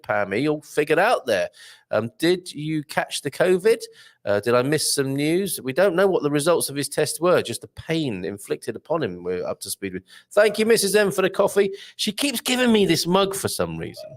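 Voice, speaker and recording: A man hosting a casual live stream, reading viewer comments aloud in a chatty, rambling way with lots of fillers. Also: moderate pace. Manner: chatty, rambling, lively pitch, many fillers.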